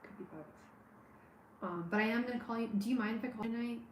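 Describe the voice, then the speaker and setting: A woman giving a live tarot reading on a stream, speaking warmly and straight to the viewer, with many halting restarts and fillers. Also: fairly high pitch, echoey room, a little hiss or hum, low-quality recording. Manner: warm, personal, talks straight to the viewer. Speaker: tarot reader.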